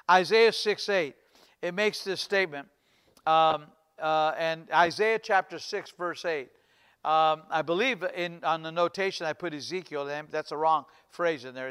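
A man's voice: sits high, moderate pace, fairly bright tone, smooth. A man, a pastor, preaching a fervent sermon with rising, repeated exhortations.

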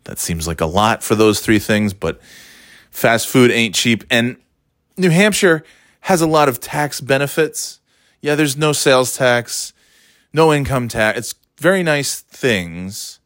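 A man's voice: mid-range voice, measured pace, no room sound, studio quality. A man telling a casual, swear-laden anecdote, tired and exasperated, with mocking asides. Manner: animated, swearing, mocking voices in quotes. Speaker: storyteller.

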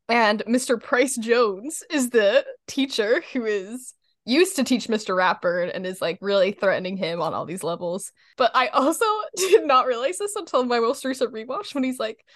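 A young woman with a slightly high voice co-hosts a casual podcast, recapping a cartoon episode in clean studio sound with no echo. Giggly and gushing, she often breaks into laughter and quotes lines in a put-on voice.

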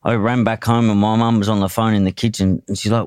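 Australian man, very low voice, blunt, emotional, swears a lot, dry recording. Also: level tone, quick pace, few pauses, a little mellow, smooth, no echo. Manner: blunt, swears often, emotional, restarts sentences. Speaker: podcast guest, boxer. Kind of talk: candid conversational storytelling.

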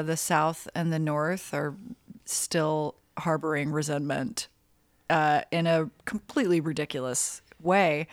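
A woman in her forties from North Carolina, chatting as a guest writer in a relaxed interview, talkative and quick to self-correct. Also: sits low, dry recording. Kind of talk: casual interview chat.

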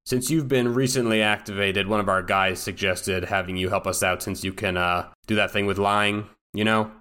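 A man doing a blunt, gruff soldier interrogator. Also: fairly low pitch, fairly even intonation, normal speed, sharp tone. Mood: brusque. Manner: blunt, casual military talk.

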